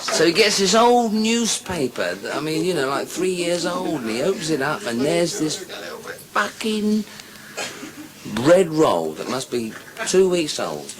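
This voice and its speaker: A man's voice: fairly high pitch, very animated, measured pace, heavy background noise. A male stand-up comedian telling crude, swear-filled jokes on stage. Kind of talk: live stand-up joke telling. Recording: live show with loud audience. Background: loud crowd laughing.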